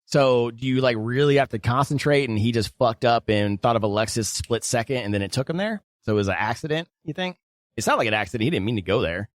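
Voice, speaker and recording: A man's voice: medium pitch, animated, quick pace, no room sound, clean studio sound. A man co-hosting a casual book discussion podcast, loose and laid-back, swearing now and then. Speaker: podcast co-host.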